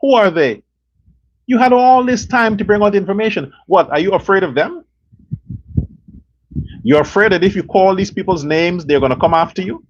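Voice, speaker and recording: A man's voice: high-pitched, lively intonation, moderate pace, long pauses. A man hosting a political commentary show, ranting angrily with profanity, scorn and rhetorical questions. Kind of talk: angry political rant. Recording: dull lo-fi sound with faint noise.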